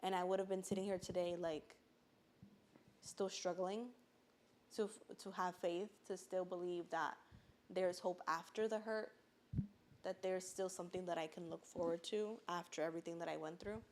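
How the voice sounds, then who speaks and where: A woman's voice: fairly low pitch, steady tone, moderate pace, darkish tone, slight background noise. A woman speaking casually and earnestly about her own experience on a podcast, often saying "like" and at times holding back tears. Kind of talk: casual personal testimony.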